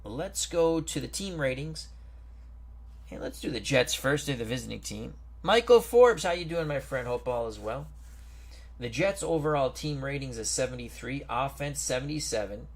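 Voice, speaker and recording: A man hosting a football strategy game stream, reading out team rosters and greeting viewers in a chatty, unhurried way. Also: mid-range voice, slightly rough. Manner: slow, chatty, greets viewers and stumbles over names. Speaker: host. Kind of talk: casual game commentary.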